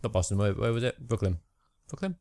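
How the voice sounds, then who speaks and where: A young man co-hosting a podcast, chatting casually about wrestling with a relaxed, hesitant manner and frequent laughs. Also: fairly low pitch, quick pace, dry recording, clean studio sound. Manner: laid-back, laughs often, hesitant with ums. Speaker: podcast co-host.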